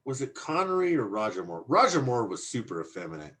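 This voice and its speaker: Man, podcast host, casual chat, brash and crude, lively swooping pitch. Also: quick pace. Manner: brash, crude, provocative banter.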